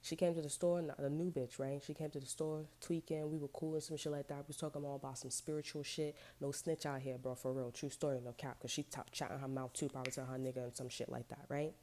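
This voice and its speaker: A woman's voice: extremely low pitch, little pitch movement, quick pace, hardly any pauses, mellow, slight background noise. A woman vlogger telling a long story in a casual, profane and rambling rant full of slang.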